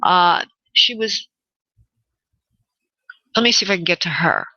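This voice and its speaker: A woman hosting a call-in radio show as a spirit medium, talking in a halting way with many fillers, relaying messages and calling callers honey. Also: fairly low pitch, expressive, bright, forceful tone, no echo, lo-fi sound. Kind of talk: call-in psychic reading on radio.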